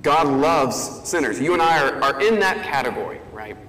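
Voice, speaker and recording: A man's voice: on the high side, animated, moderate pace, fairly bright tone. A male pastor giving a conversational sermon, thinking aloud with fillers and restarts. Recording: echoey hall, faint ambience.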